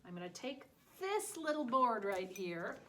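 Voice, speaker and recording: A woman's voice: on the high side, big pitch swings, unhurried, fairly bright tone, a little hiss or hum. A woman teaching a listening lesson to preschool children, talking in an exaggerated, sing-song way.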